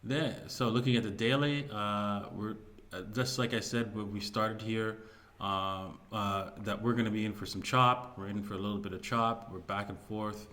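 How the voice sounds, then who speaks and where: A man's voice: lowish voice, steady tone, normal speed, bright, forceful tone. A man hosting his own video, talking loosely through market news with many fillers and restarts. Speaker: crypto video host. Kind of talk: casual market commentary.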